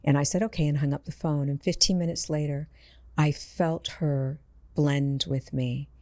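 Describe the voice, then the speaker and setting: A woman's voice: low voice, steady tone, moderate pace, mellow, no echo, studio quality. A woman, an intuitive medium, telling personal stories in a conversation and acting out the voices of the people in them. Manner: earnest, acts out quoted voices in her stories. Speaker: intuitive medium, podcast guest.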